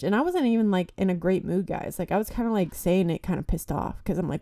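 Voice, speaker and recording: Warm-voiced young woman, candid podcast host. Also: fairly low pitch, fast talker, hardly any pauses, no echo, studio quality. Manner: candid, heavy swearing, frequent "like" and "you know"; encouraging, addresses listeners as "guys". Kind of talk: casual solo podcast talk.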